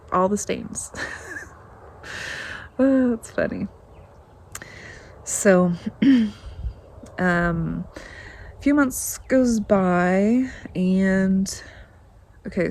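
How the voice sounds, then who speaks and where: Rambling woman vlogger, lower voice. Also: gravelly. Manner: rambling, animated, acts out quotes, laughs often. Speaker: vlogger telling family stories. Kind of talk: casual storytelling to camera.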